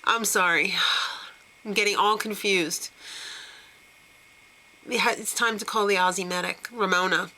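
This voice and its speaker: A woman recapping a reality show in a loose, gossipy way, giggling and throwing in snarky asides. Her voice is bright, and her pitch sits in the middle for a woman. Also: fairly even intonation, unhurried, pauses often, rough recording.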